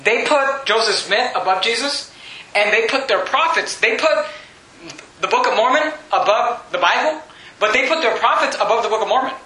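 A man preaching a sermon in an animated, mocking way, often laughing as he talks. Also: very high-pitched, normal speed, echoey room, poor audio.

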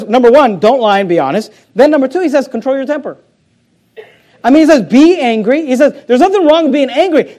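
A man with a high voice preaching a sermon to his congregation. He speaks emphatically, often repeating words as he builds each point. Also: a little mellow. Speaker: pastor.

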